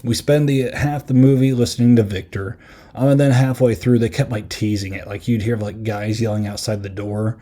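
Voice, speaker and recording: A man chats casually on his podcast, rambling through a film review with plenty of fillers. His voice is dark and mellow rather than bright. He slips into quick impressions of characters as he retells scenes. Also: on the low side, steady tone. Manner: rambling, many fillers, acts out quotes.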